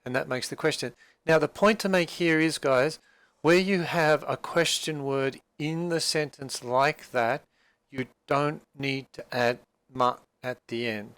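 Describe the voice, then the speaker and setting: Patient male teacher with a smooth voice. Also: on the high side, unhurried, fairly bright tone, dry recording. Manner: patient, with many fillers and restarts. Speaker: language teacher. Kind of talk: explaining a textbook dialogue.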